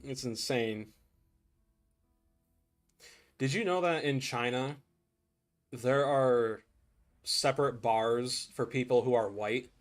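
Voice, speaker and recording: A man's voice: mid-range voice, takes it slowly, long pauses, soft background music. A young man chatting casually to viewers while playing a game, rambling and laughing often. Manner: rambling, laughs often, says "dude" a lot. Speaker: gaming streamer. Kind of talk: casual gameplay chat.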